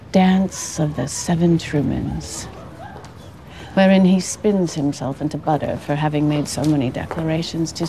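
A drawling, sardonic socialite. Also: female voice, deep voice, dark tone, a little hiss or hum. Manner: mocking impersonation. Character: socialite woman mocking an author friend. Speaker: actress in a TV drama clip.

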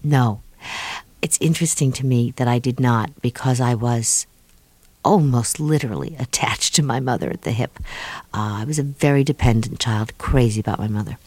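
A middle-aged woman from New York, a guest speaking thoughtfully in an interview and pausing often with fillers. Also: very deep voice, a little mellow, no echo. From New York, USA. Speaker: guest, author of an autobiography. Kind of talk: reflective interview talk.

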